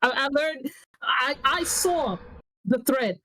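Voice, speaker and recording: A woman's voice: sits high, lively intonation, slow pace, sharp tone, no echo, poor audio. A woman with a New York accent, a guest on a podcast, talking bluntly and heatedly and swearing as she speaks. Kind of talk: casual podcast chat.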